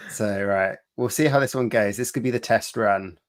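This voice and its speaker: A man hosting a live stream chat over a video call, explaining a quiz game's rules in a relaxed way with small laughs. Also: medium pitch. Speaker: stream host.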